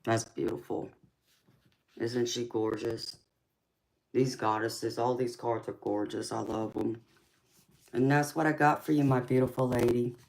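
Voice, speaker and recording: A woman's voice: rumbling low, steady tone, measured pace, gravelly, long pauses, a little mellow, low-quality recording. A woman giving a live tarot reading and chatting with viewers, affectionate, calling people sweetheart and honey. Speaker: tarot reader.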